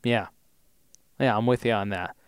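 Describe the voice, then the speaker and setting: A man's voice: on the low side, moderate pace, smooth, no room sound, clean studio sound. A man co-hosting a podcast in casual chat, playful and jokey. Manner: playful, jokey, drifts into silly bits. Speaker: podcast co-host.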